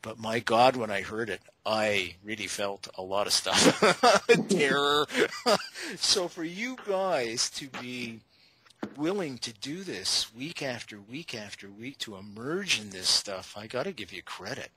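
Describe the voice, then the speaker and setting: A Canadian man hosting a paranormal talk show, telling stories in an animated way and addressing his listeners as folks. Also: medium pitch, a little slow, noisy background. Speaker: radio show host. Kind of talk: casual chat.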